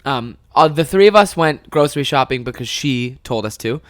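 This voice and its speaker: A man's voice: medium pitch, normal speed, no room sound. Young canadian guy on a podcast, voice jumps all over, cusses and cracks up, dry close sound. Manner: animated, swears a lot, bursts into laughter. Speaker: podcast host. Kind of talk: casual solo storytelling.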